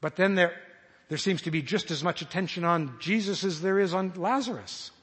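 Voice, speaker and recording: A high-voiced man with a husky edge preaches a sermon, earnest and searching. He stumbles and restarts as he voices imagined prayers aloud. His words ring with the long reverb of a large hall. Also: moderate pace, fairly bright tone.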